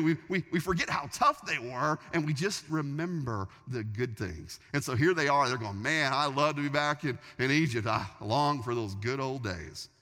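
A man delivers a sermon with an animated storyteller's flow, stumbling over and restarting his sentences. His voice is bright and forceful and swings widely up and down in pitch. The sound carries the long reverb of a large hall. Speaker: pastor.

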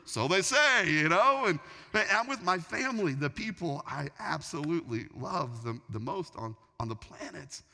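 Lively, bright-voiced male preacher in a hall. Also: a little high, moderate pace, vocal fry. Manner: animated storytelling with frequent restarts. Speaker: pastor. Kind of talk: sermon. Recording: long reverb of a large hall.

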